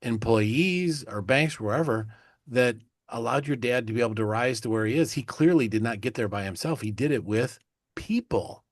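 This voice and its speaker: A man's voice: mid-range voice, expressive, moderate pace, dry recording, studio quality. A man hosting an interview, asking long, enthusiastic, rambling questions. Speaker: podcast host.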